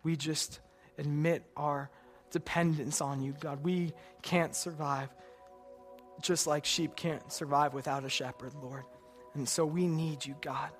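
A man's voice: a little high, steady tone, unhurried, faint music behind. A man preaching a sermon and leading a closing prayer, earnest and direct, often checking in with "right?". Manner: earnest, repeats "God" and "Lord" in prayer; asks "right?" of the listeners.

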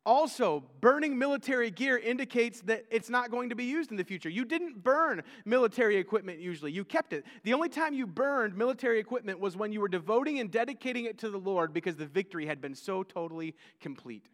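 A man's voice: sits high, expressive, quick pace, few pauses, fairly bright tone. A male pastor preaching a sermon in a conversational way, often repeating words and acting out the figures he quotes. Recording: long hall reverb.

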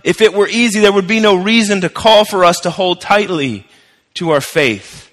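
A man's voice: high-pitched, normal speed, fairly bright tone, long reverb tail. A male pastor preaching a sermon in a conversational, emphatic way, repeating his key phrases.

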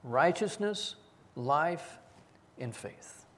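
A man's voice: on the high side, lively intonation, very slow, fairly bright tone. A man preaching a sermon as pastor, earnestly reading scripture aloud and stressing single words. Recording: long hall reverb.

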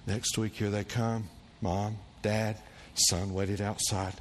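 Pastor, male, animated sermon storyteller who acts out the voices of the people in his story, in a church with a long reverb tail. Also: takes it slowly. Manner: animated storyteller, acting out quoted voices with big pitch jumps. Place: church sanctuary. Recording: long church reverb with faint room noise.

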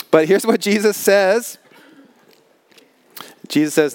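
A man preaching a sermon as pastor, earnest and emphatic, slowing down to stress key words. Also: high-pitched, animated, clear, resonant tone, no room sound. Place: large tent.

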